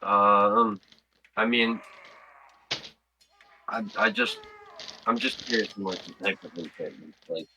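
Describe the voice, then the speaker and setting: A man's voice: lowish voice, huge pitch swings, slow pace, vocal fry, long pauses, background noise. A man playing a tabletop game, speaking casually and hesitantly. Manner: hesitant, filler-heavy. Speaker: player.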